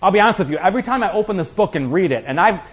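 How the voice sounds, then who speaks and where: A man's voice: high voice, animated, racing, rough recording. A man preaching a sermon as pastor, building up with rhetorical questions and acting out quotes.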